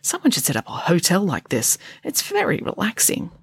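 A woman's voice: fairly low pitch, huge pitch swings, fairly quick, husky, no echo, studio quality, heavily acted. A woman reading an easygoing young woman friend. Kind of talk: storybook reading.

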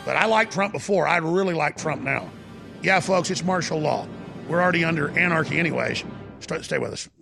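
A man's voice: a little high, lively intonation, fairly quick, creaky, over music. A man hosting a talk radio show, ranting fervently and often repeating himself, taking callers.

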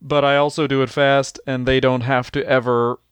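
A man's voice: medium pitch, little pitch movement, normal speed, smooth, no echo. A man co-hosting a comedy podcast, chatting casually in a profane, joking way and laughing often. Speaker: podcast co-host.

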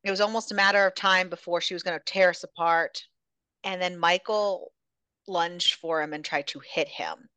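A woman's voice: on the low side, steady tone, normal speed, pushed and bright, no room sound. A woman hosting a podcast, casually recapping a novel's plot, swearing freely and retelling scenes. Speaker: podcast host. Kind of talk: casual book recap chat.

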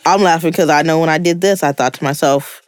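A woman co-hosting a podcast, reacting quickly and chatting in a lively, casual way. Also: sits low, smooth, no echo, clean studio sound. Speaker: podcast co-host. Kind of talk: casual chat.

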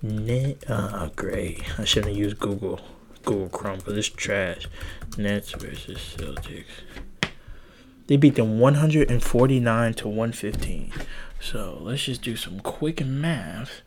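A young man hosting a solo podcast from home, rambling crudely and mocking himself in an animated way. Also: fairly low pitch, slow, creaky, slight background noise. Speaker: podcast host. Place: home with a loud family nearby.

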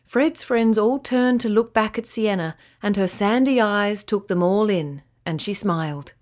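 A woman narrating a children's bedtime story in a gentle, expressive way. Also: medium pitch, measured pace.

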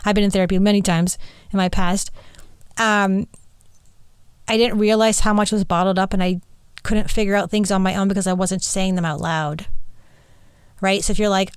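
A woman talks earnestly and at length in her own podcast, circling back and restarting her thoughts. Her voice is smooth and clear at a middling pitch. The sound is dry and close, with no room around it. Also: steady tone, dry recording. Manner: rambling, earnest, halting with many fillers and restarts. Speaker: podcast host and medium. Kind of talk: candid personal monologue.

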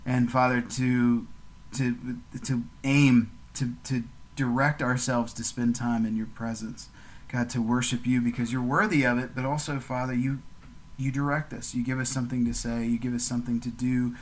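Man, average pitch, earnest podcast co-host, halting prayer with repeated words. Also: little pitch movement. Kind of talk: casual chat and spoken prayer.

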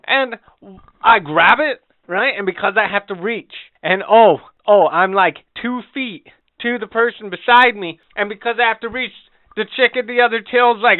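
A man's voice: high voice, moderate pace, clear, resonant tone, dry recording. A man telling a heated, profane story in casual podcast chat. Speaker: podcast co-host. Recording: tinny phone-like sound.

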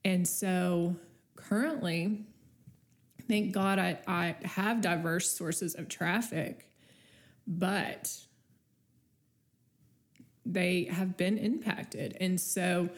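A woman's voice: fairly low pitch, fairly even intonation, drawn-out words, pauses often. A woman hosting a casual solo podcast, talking off the cuff in a chatty, encouraging way while her nose is stuffy from a cold. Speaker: podcast host.

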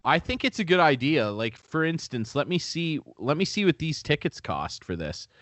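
A man's voice: a little high, very animated, normal speed, a bit bright, no room sound. A young man co-hosting a casual podcast, rambling, swearing freely and poking fun at himself. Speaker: podcast co-host.

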